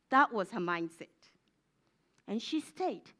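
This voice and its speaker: Lively, high-voiced woman preaching a sermon. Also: unhurried, long pauses. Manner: emphatic, repetitive, rising to fervent peaks. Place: church.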